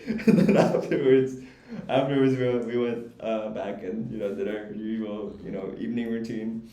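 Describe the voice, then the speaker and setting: A man's voice: lowish voice, unhurried, warm tone. A young man chatting as a podcast co-host, rambling through a story with laughs and restarts. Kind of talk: casual chat. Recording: roomy echo.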